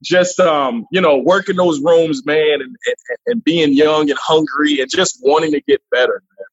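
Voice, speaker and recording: A man, a comedian guest, chatting casually and profanely in an animated interview. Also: a little high, normal speed. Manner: animated, profane, jumps into voices. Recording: dull lo-fi remote line.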